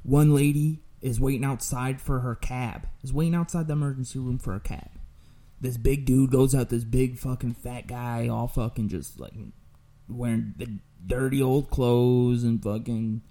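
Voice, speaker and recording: Young male host, crude profane storyteller, mellow dark voice. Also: medium pitch. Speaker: podcast host. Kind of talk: casual chat.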